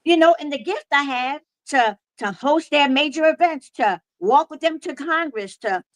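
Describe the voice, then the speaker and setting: A woman comedian in her forties with a slight lisp, telling stories in a lively, comedic, preacher-like cadence over a video call. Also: sits high, moderate pace, no room sound, low-quality recording. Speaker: comedian guest. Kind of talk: casual storytelling chat.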